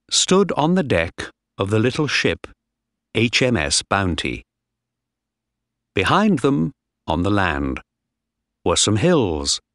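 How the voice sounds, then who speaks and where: Slow, measured male audiobook narrator. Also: lowish voice, fairly bright tone, dry recording, clean studio sound. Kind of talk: scripted narration.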